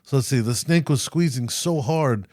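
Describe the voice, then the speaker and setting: A man's voice: medium pitch, normal speed, no room sound, studio quality. A man co-hosting a podcast, telling a news story in casual, profane, joking chat. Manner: profane, animated storytelling with mock voices. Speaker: podcast co-host.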